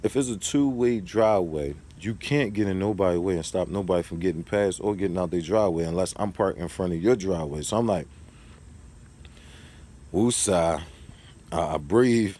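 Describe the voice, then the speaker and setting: Deep-voiced man telling a story. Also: fast, dark tone. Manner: rambling and street-casual, drifting into advice. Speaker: vlogger. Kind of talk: casual storytelling to camera.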